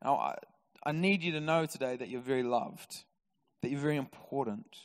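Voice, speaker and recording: Lively New preacher in a reverberant hall. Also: male voice, mid-range voice, moderate pace. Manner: lively, storytelling preacher with humour. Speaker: pastor. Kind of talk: sermon. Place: church auditorium. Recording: long reverb of a church hall.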